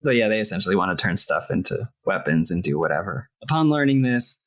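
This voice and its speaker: A man's voice: low-pitched, sing-song, fast, fairly bright tone. Rambling man recapping a movie. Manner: rambling, filler-heavy retelling of the plot. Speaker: podcast co-host. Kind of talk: casual movie review chat.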